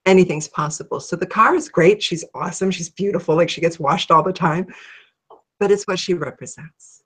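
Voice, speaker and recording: A middle-aged woman from Ohio, a guest in an interview, telling her story in a lively way and acting out her own thoughts. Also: on the low side, brisk, breathy edge. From Ohio, USA. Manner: animated, acts out her own thoughts in a raised voice.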